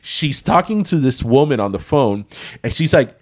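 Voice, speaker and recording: A man's voice: mid-range voice, expressive, normal speed. A man, co-hosting a podcast and telling a story in casual chat, slipping into Spanish phrases. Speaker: podcast co-host.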